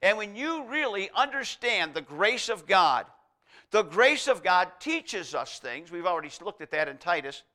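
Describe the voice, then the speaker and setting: A man preaching with a high, bright, ringing voice. He hammers home his points through paired contrasts and reads scripture aloud between them. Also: big pitch swings, unhurried. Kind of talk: sermon.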